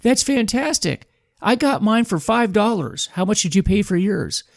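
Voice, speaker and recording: An excited young boy of about ten, chattering brightly in a high voice, as a man puts him on. He talks eagerly and cheerfully, and the sound is dry and close. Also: normal speed, creaky, no echo, heavily acted.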